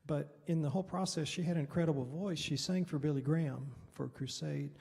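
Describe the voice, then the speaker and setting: Man, pastor, conversational storytelling, mellow gravelly voice, middle-aged. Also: fairly high pitch, fairly quick. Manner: conversational, rambling, with chuckles. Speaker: Baptist pastor and missionary. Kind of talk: storytelling talk at a Bible study. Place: church hall. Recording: reverberant hall.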